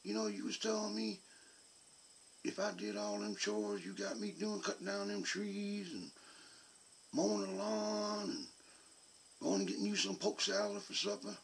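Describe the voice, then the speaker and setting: A man doing a high, whiny excited young boy. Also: unhurried, creaky, pauses often, slight background noise, heavily acted, poor audio. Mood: pleading. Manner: whiny, breathless, tumbling words. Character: excited young boy pleading with his father.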